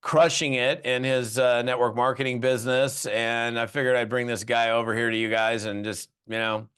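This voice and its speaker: This US West Coast podcast host chats casually and jokes with his guest, friendly and full of "you know" and "uh." His medium-pitched voice is clear, resonant and fairly bright, with a flat delivery at normal speed.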